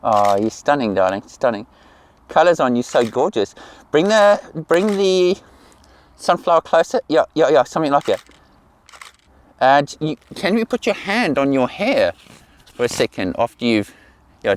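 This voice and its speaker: A middle-aged man directs a portrait shoot outdoors, and he keeps repeating soft praise to his model between quiet asides about his camera. His voice sits at an ordinary middle pitch. The sound is picked up by the camera's own mic out in an open field. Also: big pitch swings, normal speed, a little hiss or hum. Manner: encouraging, repeats praise words. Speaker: portrait photographer.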